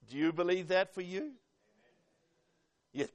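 A male preacher with a notably high voice delivers a fervent sermon. He presses his points with loud, urgent appeals and then drops into quiet, confiding asides. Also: sing-song, unhurried, pauses often. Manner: fervent, swings between loud exhortation and hushed asides.

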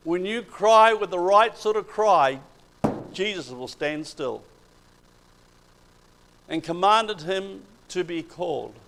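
A man preaches a sermon, retelling scripture stories with animated, emphatic delivery. His voice sits a little high for a man and carries a gravelly rasp. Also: slow pace, pauses often, a little hiss or hum, rough recording.

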